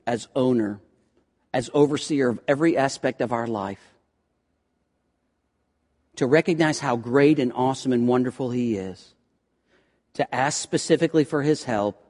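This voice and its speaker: A male pastor preaching a sermon with passion, swinging from loud pleading prayers to hushed, quiet lines, often repeating words as he restarts. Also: medium pitch, in a large hall. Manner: impassioned, rising to loud prayerful pleas then dropping to hushed tones.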